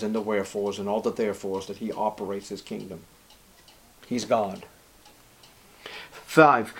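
A man delivers a sermon as a pastor at a steady middle pitch. He drives key words loud and high, then drops to a low, quiet tone to let a point land. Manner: emphatic preaching, rising loud on key words and dropping low and soft.

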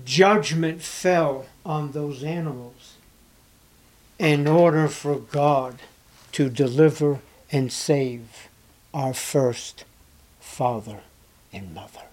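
A male pastor preaching a sermon, swinging dramatically from loud scripture reading to hushed, emphatic asides. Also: fairly high pitch, slow pace.

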